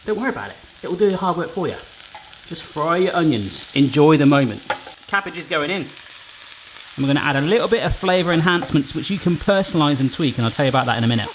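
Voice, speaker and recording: A man's voice: a little high, animated, fast. A man hosting a casual cooking demonstration in a home kitchen, chatty and jokey, with rambling asides. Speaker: cooking channel host.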